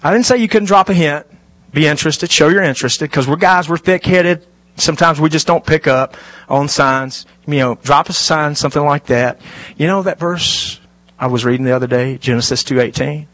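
A middle-aged man preaching a sermon, animated and lively, dropping to hushed, intimate asides. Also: fairly high pitch, moderate pace, no room sound. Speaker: pastor.

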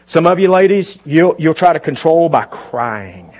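Guy preaching to his church, kinda husky, higher voice, talks right at the crowd. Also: expressive, normal speed, few pauses, darkish tone. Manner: conversational preaching with rhetorical questions to the congregation. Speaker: pastor. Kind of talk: sermon. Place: church before a live congregation.

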